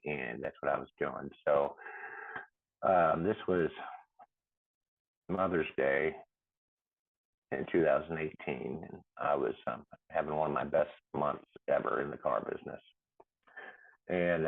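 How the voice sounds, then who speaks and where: A man's voice: rumbling low, gravelly. A middle-aged man, a podcast guest, telling his near-death story in a rambling way, with many fillers and restarts and laughs between lines. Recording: tinny phone-like line.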